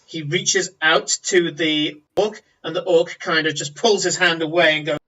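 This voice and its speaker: Bright-voiced male game master. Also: on the high side, steady tone, normal speed, lo-fi sound. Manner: descriptive, with fillers and restarts. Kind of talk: narrating a tabletop game. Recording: voice a bit far from mic.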